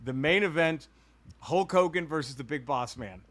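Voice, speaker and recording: A man's voice: a little high, normal speed. A man and podcast co-host telling a long, profane childhood story in casual chat, laughing as he goes. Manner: animated, profane, laughs through stories.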